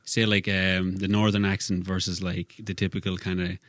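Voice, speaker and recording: A man's voice: low voice, flat delivery, normal speed, a bit bright, no echo, clean studio sound. A man with a rural Irish accent, a singer-songwriter guest chatting casually and rambling with lots of fillers. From Ireland. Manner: easygoing, rambling with many fillers. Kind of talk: casual chat.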